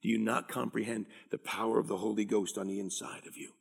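A middle-aged man preaching a sermon, animated and drawing call-and-response from the congregation. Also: on the low side, fast, vocal fry. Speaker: pastor.

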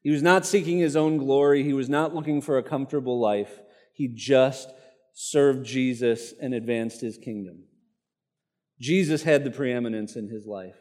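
A man's voice: medium pitch, moderate pace, a little mellow. Earnest male preacher in a reverberant hall. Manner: earnest, with casual conversational asides. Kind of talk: sermon with a read-aloud martyr story.

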